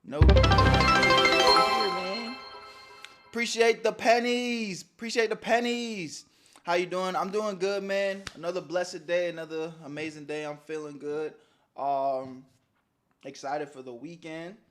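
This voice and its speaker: Young man, streamer, casual chat, slightly high voice, joking banter. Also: slow, faint music behind. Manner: loose, joking banter with chat, swings between loud and mumbled.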